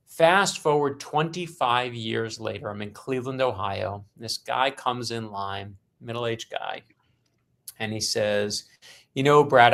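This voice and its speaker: A man in his fifties from Brooklyn, a guest author telling stories on a podcast and acting out the dialogue with lively energy. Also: medium pitch, creaky. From Brooklyn, New York. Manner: animated storyteller acting out quoted dialogue. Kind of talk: storytelling in a podcast interview.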